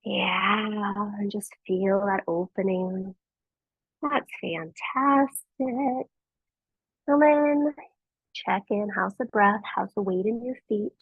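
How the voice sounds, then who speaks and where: A woman's husky, gravelly voice leads a yoga class with gentle, encouraging cues and plenty of praise. The sound is tinny and narrow, like a phone line, with no room echo. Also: mid-range voice. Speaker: yoga teacher. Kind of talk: guiding a live yoga class.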